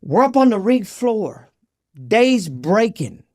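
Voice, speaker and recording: A man, a podcast guest, telling his recovery story in an animated, slangy way and acting out the dialogue. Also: sits high, slow, no room sound, clean studio sound.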